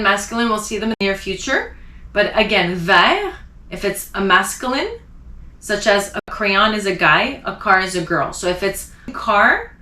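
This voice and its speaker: Slow, bright-voiced woman teaching. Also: on the high side, echoey room. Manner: slow, careful pronunciation drills with explanations. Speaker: French teacher. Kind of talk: language lesson.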